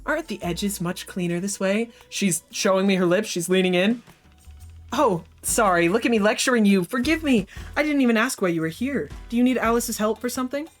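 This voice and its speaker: A woman voicing a poised, friendly female fire performer, talking gently and chattily while doing her makeup. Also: mid-range voice, animated, brisk, faint music behind, lightly acted.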